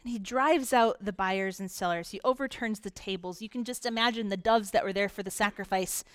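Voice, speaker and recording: A woman pastor delivering a conversational sermon, slowing into emphatic pauses on key points. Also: mid-range voice, no echo. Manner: conversational preaching with dramatic pauses.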